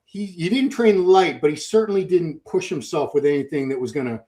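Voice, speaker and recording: A man's voice: fairly high pitch, brisk. Man telling gym stories on a podcast. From Boston. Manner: storytelling, animated. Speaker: podcast host. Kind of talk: casual chat.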